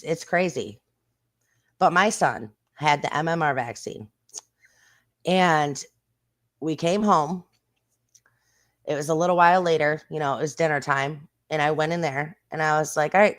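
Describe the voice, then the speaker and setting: A woman hosting her own stream, chatting casually in a blunt, rambling way with plenty of swearing and quick bursts of speech. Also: low-pitched. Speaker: streamer and channel host. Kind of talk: casual live-stream chat.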